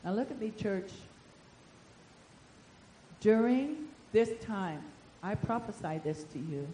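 Older woman preacher, animated, echoey. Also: mid-range voice, slow pace, a little hiss or hum. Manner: animated, storytelling, swinging loud and soft. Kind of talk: sermon.

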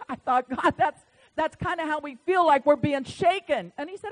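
A woman pastor preaching a sermon, swinging from loud, fervent declarations down to quiet, conversational storytelling. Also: very high-pitched, animated, moderate pace, rough recording.

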